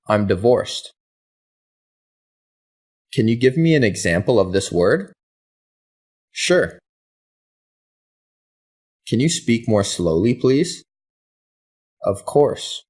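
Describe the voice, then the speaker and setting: Slow, husky man reading English drills. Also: lowish voice. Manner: reads both question and answer in even, careful drills. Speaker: English lesson reader. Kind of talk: slow scripted question-and-answer reading.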